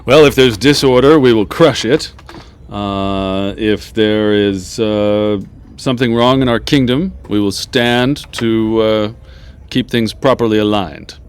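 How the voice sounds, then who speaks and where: A man voicing a stern, battle-loving older male temple leader with a halting, clumsy go at a Scottish accent. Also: fairly low pitch, a little hiss or hum. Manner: gruff, clipped, halting attempt at a Scottish accent. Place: backyard.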